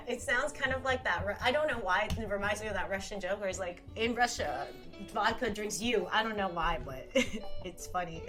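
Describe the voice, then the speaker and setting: A woman chatting casually on a live stream, reading out viewer comments, laughing often and swearing now and then. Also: mid-range voice.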